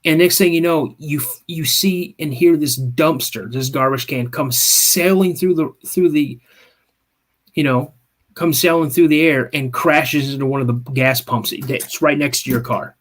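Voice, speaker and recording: A man's voice: on the high side, unhurried. A man co-hosting a live podcast, telling an encounter story in the second person with frequent restarts and check-ins. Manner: animated, builds scenes with second-person storytelling; frequent restarts and repeated "okay?". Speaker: podcast co-host. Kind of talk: live-stream storytelling chat.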